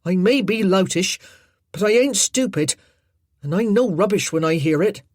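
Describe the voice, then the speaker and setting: A woman narrator voicing a blunt, loyal young country groom who talks plainly with rough grammar. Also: mid-range voice, lively intonation, normal speed, a little mellow, dry recording, studio quality, pitched above the performer's own voice. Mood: defiant.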